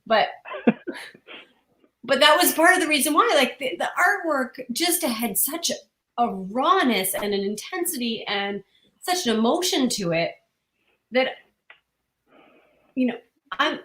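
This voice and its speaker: A woman's voice: high-pitched, animated, unhurried, long pauses, a bit bright, roomy sound. A woman who writes comics, answering interview questions earnestly and at length, with frequent restarts.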